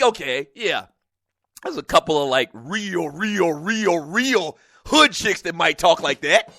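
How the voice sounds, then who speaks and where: A middle-aged man hosting a sports talk radio show, venting in an animated way and laughing often. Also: fairly high pitch, slow, creaky, dry recording.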